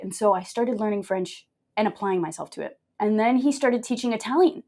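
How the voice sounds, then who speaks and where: A young adult woman from Brazil, a podcast guest telling her story in a candid, jokey, animated way. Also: medium pitch, a little fast, few pauses. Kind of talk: casual interview storytelling.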